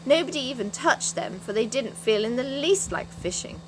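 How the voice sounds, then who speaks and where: A woman reading a children's storybook aloud with an expressive delivery. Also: on the high side, moderate pace, slight background noise, low-quality recording. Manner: expressive, animated. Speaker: reader.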